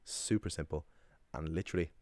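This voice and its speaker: A man's voice: extremely low pitch, brisk, a little mellow, no room sound. A man teaching a casual language lesson, chatty and rambling, with frequent ums and restarts.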